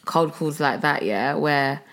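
A woman's voice: low-pitched, slow pace, a bit bright. A young woman, co-hosting a podcast in casual chat and telling rambling stories full of "like" and "innit". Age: young adult. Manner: rambling storyteller, heavy on "like" and "innit". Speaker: podcast co-host.

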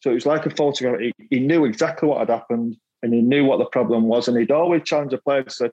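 A middle-aged former footballer with a Mancunian accent talks quickly in a dark, medium-pitched voice, telling self-deprecating stories about his playing days as a podcast guest. He laughs often and repeats words as he goes. The audio is dull.

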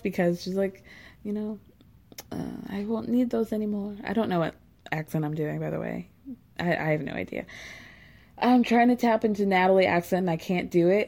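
A woman's voice: mid-range voice, darkish tone. A woman recapping a reality show in a casual, gossipy and sarcastic way, with giggly asides.

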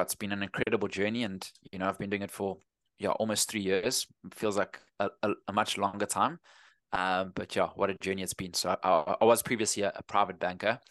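Guest: 30s South African man, low voice, dry close sound, relaxed and rambling. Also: dry recording. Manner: easygoing, rambling with frequent restarts. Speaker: running coach, guest. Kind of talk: casual interview chat.

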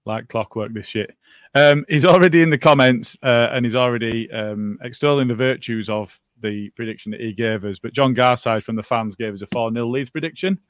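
A man hosting a casual football podcast, talking in a relaxed, rambling way with many fillers. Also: medium pitch, fairly quick, dry recording. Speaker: podcast host.

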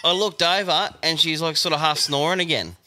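A man's voice: on the high side, brisk, background noise. A man co-hosting a podcast, telling stories with energy and plenty of swearing. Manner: animated storyteller, swears a lot. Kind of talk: casual chat.

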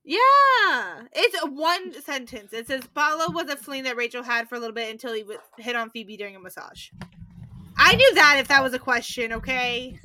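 A woman co-hosts a podcast with a high, bright voice. She recaps a sitcom scene by scene in casual chat. She giggles often as she narrates. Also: very animated, moderate pace. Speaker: podcast co-host.

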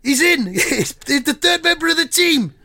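A man puts on a pompous old king. The voice is raised well above his usual pitch and keeps a gravelly edge. The king barks orders and swears freely. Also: animated, a little slow, pushed and bright, exaggerated voice. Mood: boastful. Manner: pompous and foul-mouthed. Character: crude, bossy older male king.

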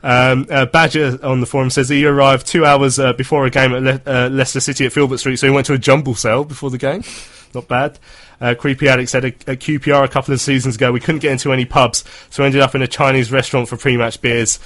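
Chatty english guy hosting a footie podcast, talks quick, laughs a lot, trips over his words. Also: mid-range voice, level tone, a bit bright. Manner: chatty, laughing often, many restarts. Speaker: football podcast host. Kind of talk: casual chat reading listener messages.

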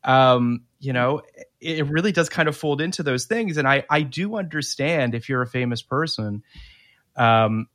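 A man's voice: medium pitch, moderate pace, fairly bright tone. A man co-hosting a podcast in casual chat, opinionated and prone to stammering restarts. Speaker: podcast co-host.

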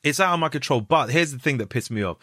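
A man in his thirties, an actor chatting on a podcast, telling an animated anecdote with lots of restarts and mimicry. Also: mid-range voice, quick pace, slightly rough, no room sound, clean studio sound. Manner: animated storyteller, frequent restarts and mimicry of others. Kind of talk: casual chat, anecdote telling.

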